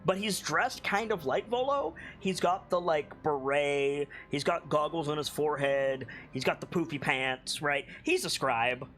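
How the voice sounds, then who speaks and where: A man's voice: a little high, measured pace, few pauses, fairly bright tone. A man running a tabletop game as game master, describing scenes in a laid-back way with lots of "like"s.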